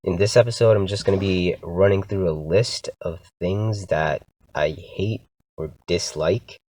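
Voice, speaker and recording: A young man hosts his own podcast, ranting about things that annoy him. His voice is low and deep, recorded close and dry, and his delivery is animated and exasperated. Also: measured pace, no echo. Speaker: podcast host. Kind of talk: casual solo rant.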